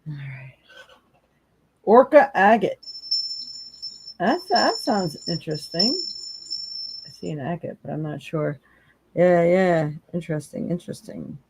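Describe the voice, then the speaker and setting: A woman's voice: on the low side, dark tone, husky. A woman hosting a live psychic tarot stream, talking casually, laughing often and giving blunt encouragement. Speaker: psychic tarot reader, podcast host.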